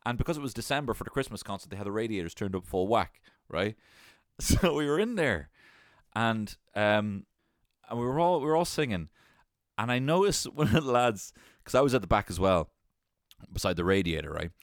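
Animated man telling stories. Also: lowish voice, fairly quick, no room sound, clean studio sound. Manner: animated, swearing, laughing often. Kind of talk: casual storytelling.

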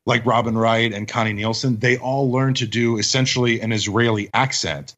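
A man's voice: medium pitch, fairly even intonation, normal speed, fairly bright tone, lo-fi sound. A man co-hosting a podcast, chatting casually and eagerly about a film. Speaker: podcast co-host. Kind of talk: casual movie discussion.

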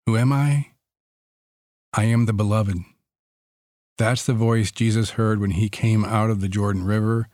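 A man guides a Christian meditation in a low, unhurried voice. He speaks softly, leaving long pauses between phrases, and the recording is close and dry with no room sound. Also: steady tone, no echo.

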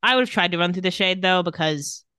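A woman's voice: fairly low pitch, fast talker, smooth, no room sound, clean studio sound. A woman co-hosting a podcast, chatting casually as she recaps a TV episode and acts out the lines in put-on voices. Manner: animated, quotes characters in put-on voices. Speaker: podcast co-host.

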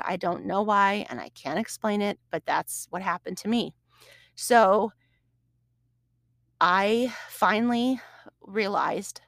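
A woman's voice: mid-range voice, dry recording, studio quality. A woman hosting her own podcast, telling a long personal story in a chatty, rambling way with many restarts. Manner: gets emotional and tearful while recounting. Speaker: podcast host. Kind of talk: casual solo podcast recap.

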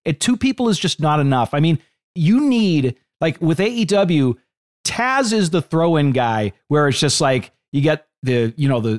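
A man co-hosting a wrestling podcast, giving measured, analytical takes with dry asides. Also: fairly high pitch, dry recording. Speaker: podcast co-host. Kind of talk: casual wrestling podcast chat.

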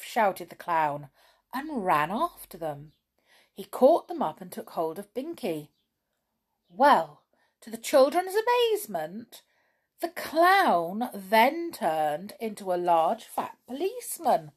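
A woman narrating a children's storybook reading in an expressive storytelling manner. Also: medium pitch, slow pace.

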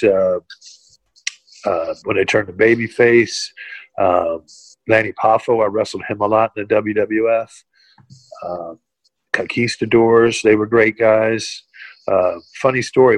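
A man spins loose, rambling stories in a casual interview. His voice sits low, and he leans on "you know" between thoughts. The recording is dry and close. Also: no room sound, low-quality recording. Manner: rambling, many "you know" fillers, laughs at own stories. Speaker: podcast guest, retired wrestler.

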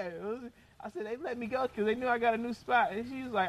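Young guy w a pretty high voice, laughing his way thru a story, super animated. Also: fast, few pauses. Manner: animated, laughs through the telling. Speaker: storyteller guest. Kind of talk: casual storytelling.

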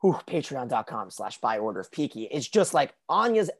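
A man co-hosting a casual recap podcast, talking in loose, rambling runs full of restarts and fillers. His voice sits at an ordinary middle pitch for a man. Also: very animated, brisk, vocal fry. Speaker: podcast co-host.

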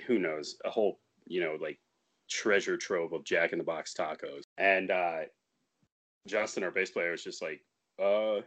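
A young man talks in a casual podcast conversation, his voice sitting very low. He tells band stories in a loose, easygoing way, laughing often and swearing now and then. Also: a bit bright. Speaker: band member guest.

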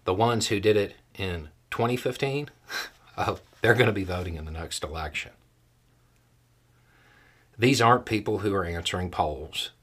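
A man's voice: deep voice, moderate pace, pauses often, fairly bright tone. A man hosting a solo political commentary show, talking in a conversational, dry way with emphatic stresses.

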